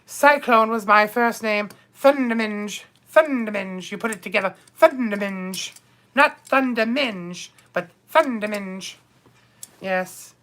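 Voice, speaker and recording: Man doing a high, bright, slow-talking bawdy duchess, theatrical and gossipy, for a comedy stream. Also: exaggerated voice. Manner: theatrical, calls viewers darling and my dears. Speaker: live stream host. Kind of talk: comedic character live stream.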